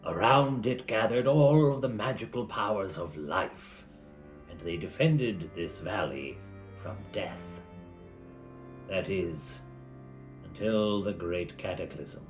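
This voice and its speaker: A low, deep-voiced old wizard, mysterious and cryptic, as a man puts him on. He speaks slowly and solemnly and draws out every portentous word. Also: soft background music.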